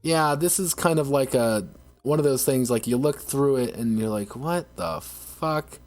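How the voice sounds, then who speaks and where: A man's voice: mid-range voice, normal speed, darkish tone. A man streaming, ranting casually in a sarcastic, profane way, rambling with frequent restarts.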